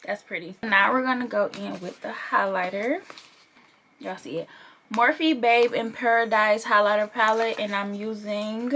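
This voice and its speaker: A woman's voice: on the high side, a bit bright. Young woman talking thru her makeup routine, joking around and cussing a little, super casual. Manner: chatty and playful, swears and laughs while working. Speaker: beauty vlogger. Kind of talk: casual makeup tutorial chat.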